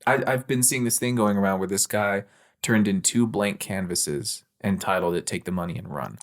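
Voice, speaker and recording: A man's voice: lowish voice, normal speed. A young man co-hosting a podcast, chatting casually and joking, swearing freely. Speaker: podcast co-host. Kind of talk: casual chat.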